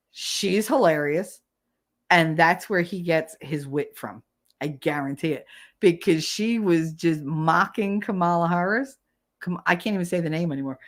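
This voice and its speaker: A woman from New Jersey hosting a casual livestream, chatty and animated, laughing often and jumping into loud high yelling when she acts out a scene. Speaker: livestream host.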